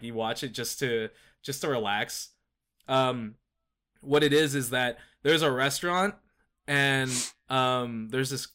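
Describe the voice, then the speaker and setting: A young man chatting casually, rambling and animated, with lots of fillers as he tells a story. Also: mid-range voice. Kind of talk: casual chat.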